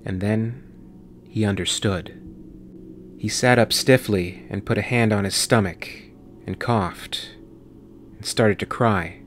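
A man narrating a sci-fi horror audiobook with steady, measured reading. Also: on the low side, slight background noise. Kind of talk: scripted narration.

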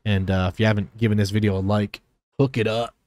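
A man's voice: on the low side, flat delivery, fast, a little mellow, dry recording. A man from Philadelphia and New Jersey, a streamer and reaction host, talking to his viewers in a rambling, sincere way, with many fillers and restarts. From Philadelphia and New Jersey, USA. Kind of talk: casual heartfelt talk to viewers.

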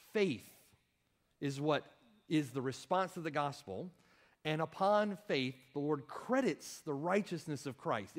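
Animated preaching man. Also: fairly high pitch. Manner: reads scripture aloud with emphatic rises and pauses; directs listeners to verses. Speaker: pastor. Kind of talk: sermon.

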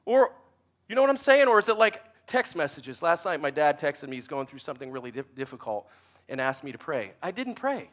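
Animated, bright-voiced pastor. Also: male voice, high-pitched, fairly quick. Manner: chatty, self-deprecating, animated storytelling. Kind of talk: sermon with storytelling.

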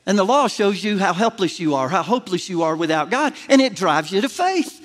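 A man's voice: sits high, sing-song, fairly quick, hardly any pauses. A middle-aged man preaching a folksy, self-deprecating sermon to a church congregation, building to emphatic peaks. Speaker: pastor. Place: large church sanctuary. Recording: long hall reverb of a church.

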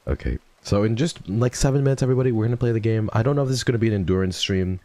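Deep gravelly playful male streamer. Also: racing, warm tone. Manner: playful, teasing, swears freely, slips into theatrical voices. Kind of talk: casual live-stream chat, thanking viewers. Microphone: desk microphone.

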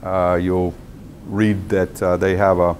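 A man, a university professor, giving a lecture in a measured, thoughtful way with frequent pauses. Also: low voice, level tone, darkish tone, slight background noise.

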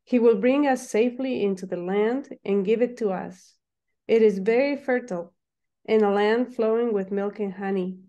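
A woman with a mid-pitched voice reads scripture aloud during a Bible study on a video call. Her reading is steady and plain. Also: moderate pace, muffled recording.

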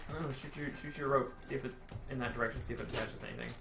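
A man's voice: medium pitch, fairly even intonation, racing, creaky. A man co-playing a video game in casual chat, swearing and laughing freely. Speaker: co-player. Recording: echoey room with game music.

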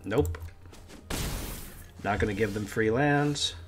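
A man's voice: fairly low pitch, takes it slowly. A man giving casual commentary while playing a card game, chatty and talking to the game with lots of "dude". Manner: chatty, pleads with the game, says dude a lot. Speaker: gameplay streamer.

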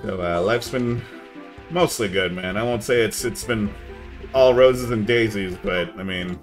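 Soft music plays faintly behind a young man whose voice sits on the low side and moves unhurriedly. Easygoing and fond of saying "man," he chats through his live gaming stream and sometimes hollers at the game.

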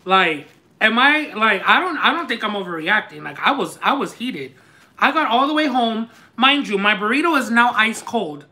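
A man hosting a live eating stream, telling a story in an animated, chatty, lightly sarcastic way. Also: high voice, moderate pace. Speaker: mukbang host. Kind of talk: casual storytelling while eating on a livestream.

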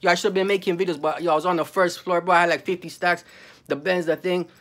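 A man's voice: high-pitched, steady tone, fast, fairly bright tone. Angry ranting man. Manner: heated, profane, repeats 'bro'. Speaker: vlogger. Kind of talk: angry profane rant to camera.

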